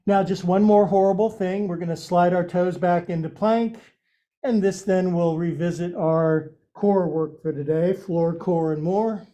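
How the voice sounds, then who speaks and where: Playful, soft-toned yoga teacher man. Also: high-pitched, fairly even intonation, a little slow. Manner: playful, jokey instruction with silly sound effects. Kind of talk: guiding a yoga class.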